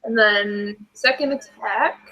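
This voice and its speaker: A woman's voice: mid-range voice, slow pace, sharp tone, highs cut off. A woman playing a tabletop role-playing game, reading rules aloud and chatting about her move. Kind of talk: casual chat while playing.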